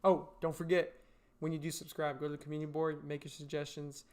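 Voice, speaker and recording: A man's voice: on the high side, flat delivery, fast talker, a little mellow. A man streaming while gaming, chatting casually with viewers, swearing, laughing, and giving blunt trading advice. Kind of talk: casual livestream chat answering viewer questions.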